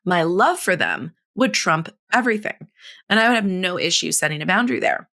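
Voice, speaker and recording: A woman in her thirties hosting a solo podcast, coaching in a blunt, frank and animated way, swearing casually and laughing often. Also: lowish voice, a little fast. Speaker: podcast host.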